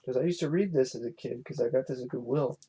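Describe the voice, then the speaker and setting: A young man giving a casual, exasperated film commentary, animated and swearing freely. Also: mid-range voice, fast talker, breathy edge. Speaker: film reviewer.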